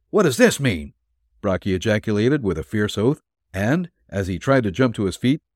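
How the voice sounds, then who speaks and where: A man narrating a dime-novel detective serial as an audiobook, expressive. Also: lowish voice, dry recording, studio quality.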